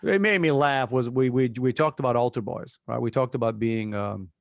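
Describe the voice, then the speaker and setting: A man in his fifties from Louisiana, co-hosting a casual chat and telling animated stories. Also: mid-range voice, a little fast, gravelly, dry recording. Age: 50s. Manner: animated storyteller, acts out voices. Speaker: podcast co-host.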